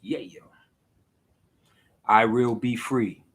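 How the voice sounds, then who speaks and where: A man in his forties giving an exasperated, animated rant in a casual vlog and laughing between points. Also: medium pitch, very slow, creaky, husky. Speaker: vlogger.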